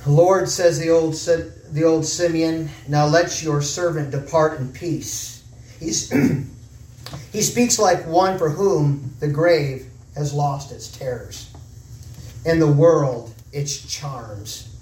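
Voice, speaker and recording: A pastor preaches with passion, climbing to urgent peaks and sinking to slow, quiet stretches. His voice sits a bit high for a man and carries through a roomy, echoing space. He stands some way off the microphone. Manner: impassioned preaching, swinging from urgent rises to slow, hushed stretches. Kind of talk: sermon. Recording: echoey room, voice from far off the mic.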